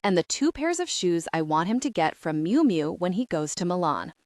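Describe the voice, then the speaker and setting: A woman narrating a comic audiobook in the first person. Her reading is gushing, breathless and excitable. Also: lowish voice, normal speed, dry recording, clean studio sound.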